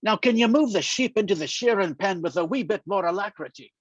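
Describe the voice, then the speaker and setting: A man reading a novel aloud and voicing a dry, teasing older man with a gruff, droll manner. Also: high-pitched, lively intonation, a little fast, no echo. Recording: dull, muffled dry sound.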